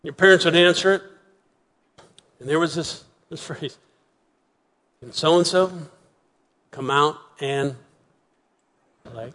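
A man preaching a sermon as pastor, earnest, often repeating words and slowing to soft, emphatic pauses. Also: on the high side. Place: church sanctuary. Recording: long hall reverb.

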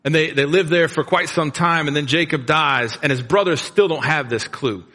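A middle-aged pastor delivers a sermon, retelling the story conversationally and casually in plain slang. His voice is a little high with a sharp tone at normal speed, and a large room's long reverb surrounds it.

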